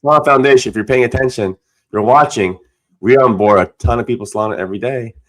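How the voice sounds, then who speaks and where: A man's voice: medium pitch, quick pace. A man co-hosting a weekly community call, easygoing and agreeable, chatting casually with lots of yeps and fillers. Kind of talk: casual promotional chat.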